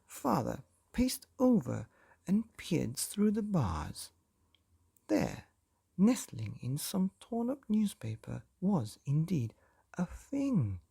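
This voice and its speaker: A man reading a children's bedtime story aloud with lively, expressive delivery. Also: high voice, gravelly, husky, no echo, studio quality.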